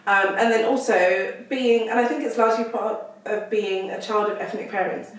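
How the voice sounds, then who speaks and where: A woman's voice: a little high, fairly even intonation, normal speed. A woman, talking as a guest doctor and explaining things in steps with fillers. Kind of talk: casual conversation. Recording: roomy echo, distant mic.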